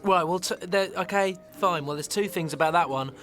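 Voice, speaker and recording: A man's voice: sits high, a little fast, music in the background, close to an everyday voice. A man playing a stammering, awkward wedding guest. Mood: bantering. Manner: stammering, hesitant, nervous laughs. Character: awkward rambling man at a wedding, fumbling and overeager. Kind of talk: radio comedy monologue.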